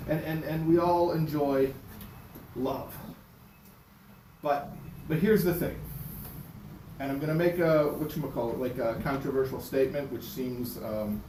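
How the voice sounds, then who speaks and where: A man teaching a class and telling a story in a lively way, stumbling over and repeating words as he goes. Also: mid-range voice, unhurried, pauses often. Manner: animated storyteller, repeats words, voices characters. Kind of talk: lecture with a told story. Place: synagogue class room. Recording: echoey room from far off, noisy.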